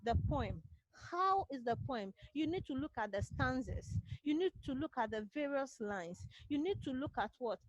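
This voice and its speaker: Ghanaian woman literature teacher, high voice, repetitive call-and-answer lecturing. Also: lively intonation, normal speed, no room sound, highs cut off. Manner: asks rhetorical "what?" questions and answers them herself; repetitive, drilling key points. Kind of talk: online class lecture. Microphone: computer mic on a video call.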